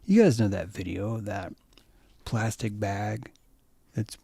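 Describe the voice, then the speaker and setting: A man co-hosting a podcast, talking in a loose, excitable way with a lot of swearing and repeated words. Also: fairly low pitch, slow, creaky, slightly rough, dry recording, studio quality. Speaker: podcast co-host. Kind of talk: casual conversation.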